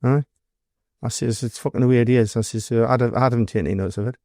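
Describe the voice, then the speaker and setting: A man's voice: mid-range voice, fairly even intonation, rapid-fire, a little mellow, dry recording, studio quality. Blunt Geordie man telling stories. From North East England. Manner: blunt storytelling, heavy swearing, acts out quoted dialogue. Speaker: guest, former doorman. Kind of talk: casual interview storytelling.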